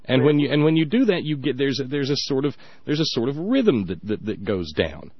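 A man hosting casual political talk, wry and thoughtful, who tells stories with pauses and fillers, on slightly muffled audio. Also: mid-range voice, very animated, no room sound.

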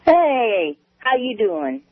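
A man's voice: very high voice, sing-song, dry recording. A man calling in to a radio show, hesitant and full of fillers. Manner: slow, hesitant with many fillers. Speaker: caller. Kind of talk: call-in radio chat. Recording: tinny phone line.

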